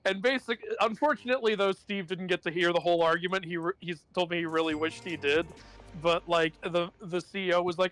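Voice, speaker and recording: A man's voice: sits high, a little fast, fairly bright tone, rough recording. A man chatting casually on a game stream, telling a rambling anecdote full of acted-out quotes, swearing and laughter. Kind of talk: casual chat while gaming on stream.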